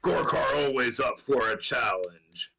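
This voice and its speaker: A man's voice: mid-range voice, lively intonation, measured pace, creaky, bright, forceful tone, heavily acted. A man voicing a brawny male arena brawler, always eager for a fight, who talks in caveman grammar and calls himself by name. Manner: caveman grammar, third person.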